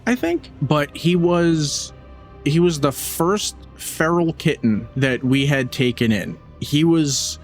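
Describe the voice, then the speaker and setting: Man, mid-pitched, casual podcast chat, matter-of-fact, faint music underneath. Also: animated, slow pace. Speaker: podcast co-host.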